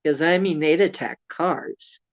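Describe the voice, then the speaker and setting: A woman's voice: low voice, measured pace, dull audio. A woman hosting a casual live chat with viewers, rambling and chuckling as she teases them. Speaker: host.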